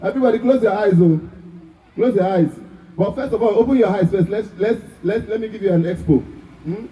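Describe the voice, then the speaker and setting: Brisk and high-voiced with a dark tone, a Nigerian-accented man leads a live drum workshop in a large, echoing festival room. He repeatedly asks the class if they're following along. The distant recording carries a little hiss or hum.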